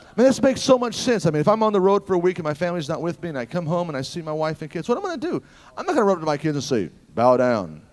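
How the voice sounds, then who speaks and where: A male preacher delivering an animated sermon at a church service. His voice sits a little high and moves all over the place. He swings between loud exclamations and quiet, confiding asides as he tells his stories. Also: rapid-fire.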